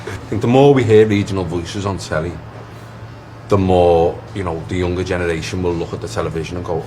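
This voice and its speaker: A man with a Liverpool accent chats casually and tells a story. His voice is very deep. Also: fairly even intonation, brisk, noisy background. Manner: chatty, storytelling. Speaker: actor. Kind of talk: casual interview.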